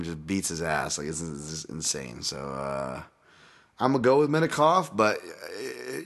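This podcast host is a man whose voice is low with a touch of brightness. His delivery is casual and meandering, heavy on profanity and frequent detours from the topic.

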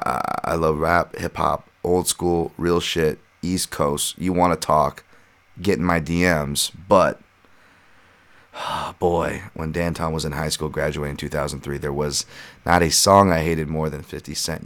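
Gravelly low-voiced man ranting. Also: fairly bright tone. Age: 30s. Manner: profane, rambling and ranting. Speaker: podcast host and fight analyst. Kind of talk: casual solo podcast commentary.

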